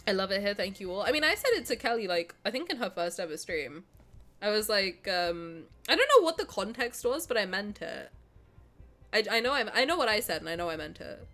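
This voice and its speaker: A woman's voice: medium pitch, very animated, brisk, pushed and bright, soft background music. A woman streamer who is sick, chatting effusively with her viewers and reading game text aloud, with many restarts and bursts of laughter. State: sick, slightly congested.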